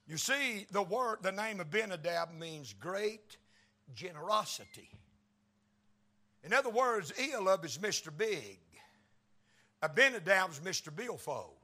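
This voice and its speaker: A man preaching a sermon in a slow, folksy Tennessee drawl, building to loud shouted peaks. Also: sits high. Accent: Tennessee Southern US.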